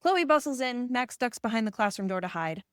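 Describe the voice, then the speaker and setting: A woman reading a screenplay's stage directions aloud in an even, plain way. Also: a little high, brisk, clear, resonant tone, dry recording, studio quality. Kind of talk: scripted narration.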